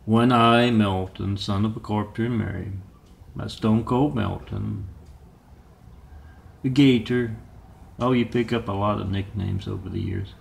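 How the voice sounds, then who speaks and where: Slow, gravelly man rambling on. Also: medium pitch, slight background noise. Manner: halting, meandering, with many filler pauses. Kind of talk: rambling self-made monologue.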